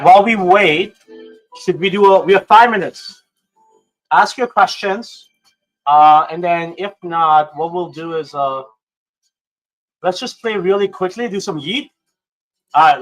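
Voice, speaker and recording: A man hosting a casual livestream, excitable and prone to swearing, swinging between hyped outbursts and low mumbling. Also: a little slow, long pauses, soft background music. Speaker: livestream host.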